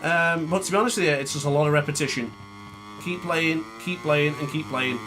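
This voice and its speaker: This man's fairly high voice runs a little fast as he narrates his motorbike racing game live. Game engine noise sits behind him. He's frustrated, muttering, and repeatedly scolding himself.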